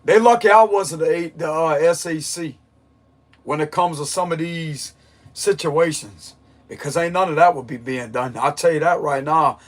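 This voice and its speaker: A man's voice: on the high side, moderate pace. A man giving a blunt, emphatic tarot reading monologue, repeating his points with a strained voice. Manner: forceful, emphatic, repeats himself. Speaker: tarot reader.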